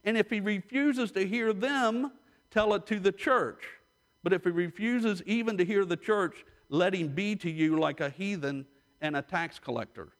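A man's voice: high voice, normal speed. A middle-aged man pastor giving an emphatic sermon, repeating key lines for emphasis.

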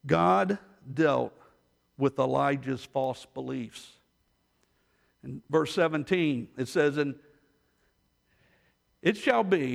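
A man preaching a sermon as pastor, telling stories and moving between hushed asides and rising intensity. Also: on the high side, creaky. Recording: long hall reverb.

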